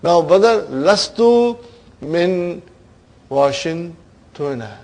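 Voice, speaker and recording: A man teaching an Arabic grammar lesson to students, coaxing them along, stretching key words and trailing off softly at the ends of phrases. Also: fairly high pitch, lively intonation, very slow, rough recording. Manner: coaxing, keeps asking "are you with me, brother?".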